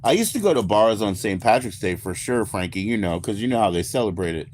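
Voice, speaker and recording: A man's voice: lowish voice, animated, fast, darkish tone, slight background noise. An American man chatting casually on a livestream with viewers, rambling, laid-back and swearing freely. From United States. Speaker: livestream host.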